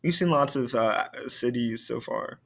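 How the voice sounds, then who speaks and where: Man, French teacher, video lesson, patient explanations, middle pitch. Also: measured pace, creaky, fairly bright tone. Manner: explaining patiently, repeats key points.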